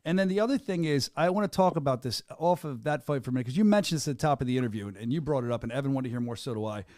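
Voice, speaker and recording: A man's voice: medium pitch, rapid-fire, darkish tone, no echo, studio quality. A man hosting a sports podcast, asking questions and teasing people in the room in a jokey, laughing way. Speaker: podcast host, announcer. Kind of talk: casual podcast interview.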